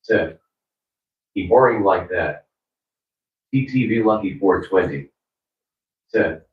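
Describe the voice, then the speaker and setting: Deep robotic male chat-reading voice. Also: slow pace, long pauses, phone-quality sound. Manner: flat, mechanical reading of usernames and chat messages. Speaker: text-to-speech chat reader. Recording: distant, echoey, slightly noisy.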